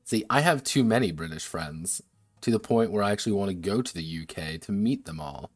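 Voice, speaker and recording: A man's voice: low-pitched, lively intonation, a little fast, no echo, soft background music. A man chatting casually on a stream about designing games, rambling, laughing and swearing freely. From United States. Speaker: game designer streaming a workshop.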